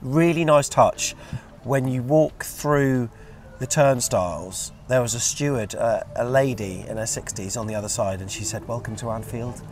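A man's voice: medium pitch, normal speed, slight background noise. A man co-hosting a fan channel, chatting casually and telling stories from an away trip. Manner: chatty storyteller, reads out quotes. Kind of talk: casual chat review.

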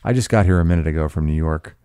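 Male reader as a domineering rich man, gruff and decisive, deep, clear, dry tone. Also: racing, warm tone, no room sound. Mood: firm. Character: gruff, commanding wealthy man, middle-aged.

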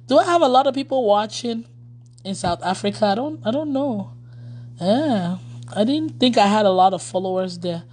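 Chatty woman pastor talking to followers. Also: fairly high pitch. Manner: chatty, laughs often, reads out viewer comments. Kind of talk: casual livestream chat with followers.

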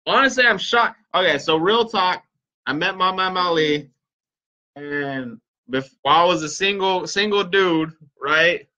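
A man's voice: high voice, unhurried, pushed and bright, highs cut off. A man hosting a casual livestream, joking with viewers and swearing freely. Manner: joking, profane, talks straight to viewers. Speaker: livestream host and parent.

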